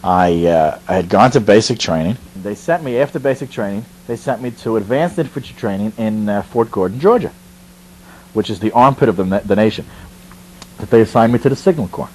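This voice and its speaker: A man's voice: lowish voice, brisk, a little hiss or hum, rough recording. A man from the Bronx, telling a comic story about his army training in a chatty way, full of asides and restarts. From the Bronx, New York. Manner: animated, conversational, with frequent asides and restarts.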